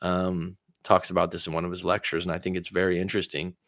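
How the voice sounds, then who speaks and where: Low-voiced man answering livestream chat. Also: flat delivery, fairly bright tone, dry recording, clean studio sound. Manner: conversational, reads chat aloud and answers with pointed questions; admits talking fast after coffee, some stutters. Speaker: life coach and livestream host. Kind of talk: casual livestream reading viewer comments.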